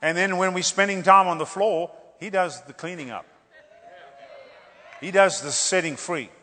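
A man preaching a revival sermon, animated and joking, repeating phrases for emphasis. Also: sits high, moderate pace, long reverb tail, a little hiss or hum.

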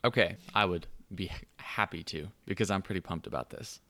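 Deep-voiced man rambling through a backstory. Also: fairly quick, bright, forceful tone. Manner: rambling storyteller, many fillers. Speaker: player describing his character. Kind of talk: casual podcast chat.

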